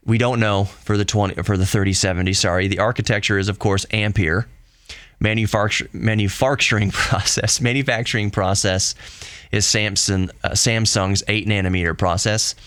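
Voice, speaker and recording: Podcast host, young man, fairly low voice, dry close mic, casual spec run-through with excited asides. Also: no echo. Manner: earnest, reassuring sign-off.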